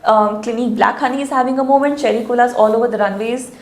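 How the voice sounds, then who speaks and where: Podcast guest: articulate woman, slightly high voice, roomy echo. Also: fast. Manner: articulate, explanatory, lively storytelling. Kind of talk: conversational interview. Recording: echoey room.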